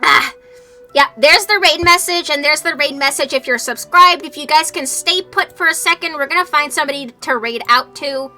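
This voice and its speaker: High, bright-voiced exasperated woman streamer. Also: normal speed, faint music behind. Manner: animated, exasperated, swears a lot. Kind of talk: casual livestream chat over a game.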